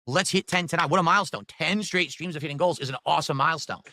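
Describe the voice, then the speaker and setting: A man's voice: fairly high pitch, quick pace, bright, forceful tone, no room sound, studio quality. A man hosting a live stream, upbeat and pushing viewers to donate. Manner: upbeat hype, reads donations aloud. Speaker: streamer host.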